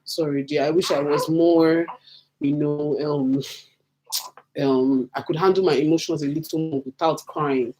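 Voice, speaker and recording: A woman's voice: low-pitched, fairly even intonation, a little slow, dark tone, a little hiss or hum. A woman in her thirties chatting casually to her viewers, candid and talkative, repeating phrases for emphasis. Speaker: vlogger answering viewer questions. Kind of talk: casual get-to-know-me chat.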